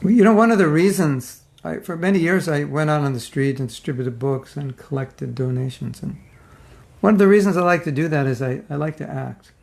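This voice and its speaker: A man's voice: medium pitch, gravelly, darkish tone. A middle-aged man giving an informal, humorous spiritual class, joking with his listeners and acting out their reactions. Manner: joking, conversational, mimics others' reactions.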